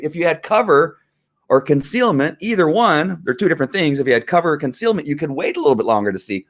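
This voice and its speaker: A man's voice: fairly high pitch, very animated, fast. Fired-up man talking police training. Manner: earnest, fired-up, many restarts and fillers. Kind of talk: live-streamed casual talk.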